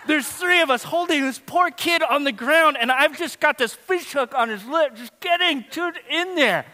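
Animated preacher man in a big hall. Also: very high voice, moderate pace. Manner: animated storytelling, shifting from loud to hushed. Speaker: pastor. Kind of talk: sermon. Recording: long hall reverb.

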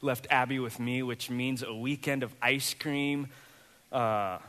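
A man in his thirties, a pastor, preaching a sermon and telling a personal story with lively, acted-out dialogue. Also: medium pitch, unhurried, long reverb tail. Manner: animated storyteller, acts out voices in quoted dialogue.

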